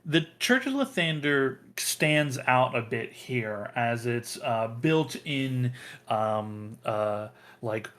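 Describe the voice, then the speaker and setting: A man narrating as game master of a tabletop role-playing game, halting with many ums and uhs. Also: medium pitch, a bit bright.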